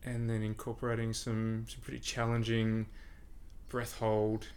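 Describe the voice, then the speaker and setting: With a lowish voice and an unhurried pace, a male breathing coach explains things conversationally as a podcast guest, frequently repeating words as he thinks.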